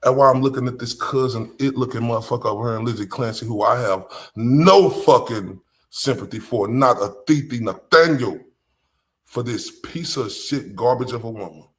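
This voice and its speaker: A man's voice: mid-range voice, normal speed. A man with a Southern US accent hosting a live stream, talking bluntly and with profanity straight to his chat. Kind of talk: casual live-stream commentary.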